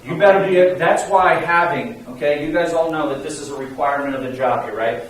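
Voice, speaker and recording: A man coaching a sales team in an emphatic, energetic, pleading way. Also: fairly high pitch, fairly quick. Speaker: sales trainer. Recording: echoey room, mic far off, faint hiss.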